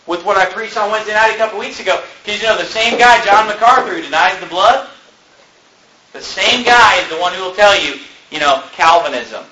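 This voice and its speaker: A male preacher with a high, bright, forceful voice delivers a fiery sermon. He climbs into shouts, then drops low and chatty to tell a story. A faint hiss sits under the recording. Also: rough recording. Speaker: pastor.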